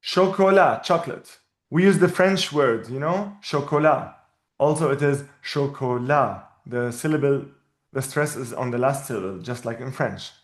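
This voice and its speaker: Patient male teacher, echoey room. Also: medium pitch. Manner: patient, explanatory, repeats words slowly. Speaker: Arabic teacher. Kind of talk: one-on-one language lesson.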